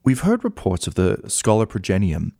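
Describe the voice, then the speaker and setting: A man's voice: on the low side, wildly swooping pitch, normal speed, vocal fry, warm tone, no echo, clean studio sound, full character voice. A game master voicing a fussy, stammering male clerk who serves a lord, deferential to his master and pompous about those beneath him. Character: fussy, snobbish male clerk servant, adult. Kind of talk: tabletop role-play.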